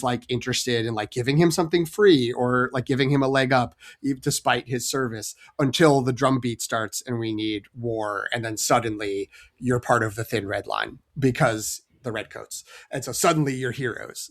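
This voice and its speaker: A man's voice: mid-range voice, steady tone, normal speed. Film podcast co-host, male, loose and rambling, chatty delivery. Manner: rambling, heavy on fillers and restarts. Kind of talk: casual film-discussion chat.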